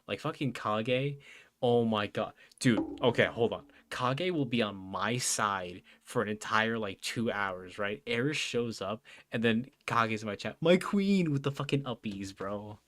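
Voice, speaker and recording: A man's voice: lowish voice, fairly bright tone, no echo, clean studio sound. A young man from New Jersey chatting casually on a livestream, rambling with lots of fillers and calling everyone bro and dude. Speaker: streamer. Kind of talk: casual livestream chat reading out chat.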